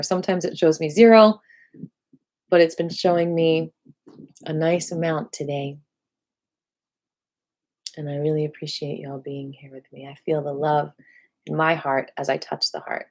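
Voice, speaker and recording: A woman with a fairly low voice leads a qigong class over a livestream. She talks slowly and soothingly, offering gentle affirmations, now and then rising into sudden loud bursts. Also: fairly even intonation. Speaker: qigong and voice teacher.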